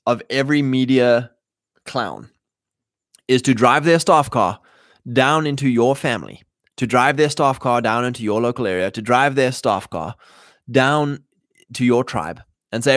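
A man hosting a livestream in a mid-pitched voice, thinking aloud with frequent restarts and fillers. The sound is dry and close, with no room echo. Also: animated, moderate pace, a bit bright. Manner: rambling, many fillers and restarts. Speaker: show host. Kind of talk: casual livestream monologue.

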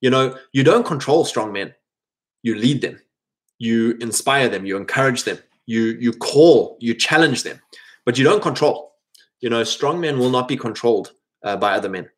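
A man's voice: medium pitch, expressive, moderate pace. A man hosting a podcast, talking casually to his audience and reading live chat, with frequent restarts and mocking quoted voices.

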